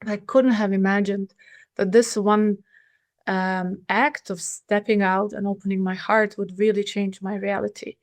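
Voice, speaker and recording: A woman's voice: mid-range voice, little pitch movement, dry recording. Earnest woman telling a personal story. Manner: earnest, halting, with many fillers and restarts. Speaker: podcast guest.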